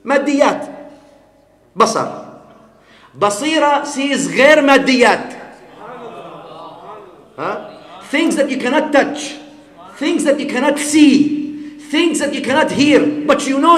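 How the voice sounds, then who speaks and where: High-voiced man preaching in an echoey hall. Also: lively intonation, slow pace, long pauses, a bit bright. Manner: teaching with examples, asks the audience "huh?" often; mixes Arabic words and phrases into English. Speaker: Islamic scholar giving a lecture. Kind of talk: sermon. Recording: echoey hall with long reverb.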